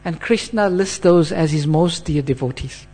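A man's voice: on the high side, normal speed, darkish tone, breathy edge. A man preaching a scripture class in an earnest sermon style, checking in with his listeners as he goes.

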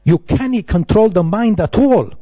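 A man's voice: sits high, lively intonation, unhurried, mellow, dry recording, voice pushed up. A man putting on a stern Scottish monk. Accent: Scottish, put on. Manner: gruff, scolding commands.

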